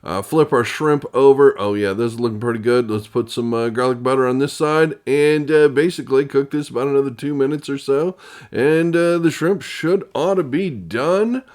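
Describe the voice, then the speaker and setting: A man's voice: mid-range voice, moderate pace, darkish tone. Male home-cooking host, casual demo delivery, wisecracking asides, echoey room sound. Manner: jokey, rambling, chatty asides.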